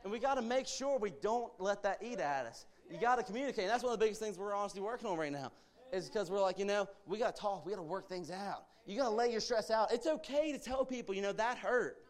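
Young guy preaching in church, kinda high voice, earnest, keeps urging folks on. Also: animated, quick pace. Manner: earnest, exhorting, conversational with asides. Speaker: guest youth speaker. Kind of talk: informal church sermon.

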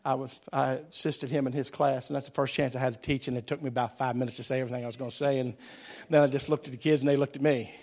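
A middle-aged male pastor preaching a sermon, telling folksy stories that swell into shouted preaching. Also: mid-range voice, level tone, racing.

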